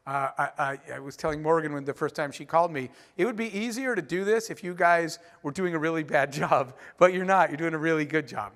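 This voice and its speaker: A man giving a keynote speech, telling stories in an animated, conversational way with frequent asides to the audience. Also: high voice. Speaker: keynote speaker. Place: large conference hall. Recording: long hall reverb.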